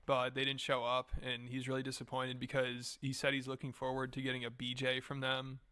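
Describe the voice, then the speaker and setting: A man's voice: medium pitch, a little fast, slight background noise. A man narrating a commentary video in a dry, mocking tone. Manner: dry, mocking, monotone delivery.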